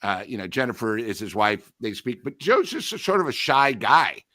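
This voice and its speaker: A man co-hosting a sports talk show, telling relaxed, rambling anecdotes. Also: medium pitch, normal speed, no room sound. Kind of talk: casual sports chat.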